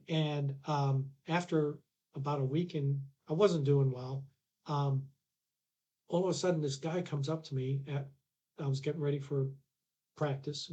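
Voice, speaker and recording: A man's voice: fairly high pitch, darkish tone. A man, a podcast guest telling a long anecdote with restarts and acted-out dialogue. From Canada. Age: 60s. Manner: rambling anecdotes with restarts, acts out quoted dialogue. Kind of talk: casual storytelling.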